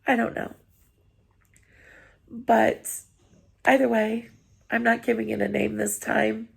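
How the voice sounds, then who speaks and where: A woman vlogger talks to her viewers after crying, still tearful. Her slightly high voice is strongly gravelly and very husky. She sounds earnest, apologetic and encouraging. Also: lively intonation, slow, long pauses. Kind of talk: heartfelt personal vlog talk.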